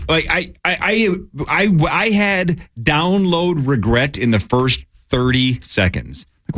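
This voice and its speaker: Radio co-host, male, chatty storyteller; animated pitch. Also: slow pace, few pauses. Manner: rambling, self-deprecating storytelling with restarts. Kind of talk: casual sports radio banter.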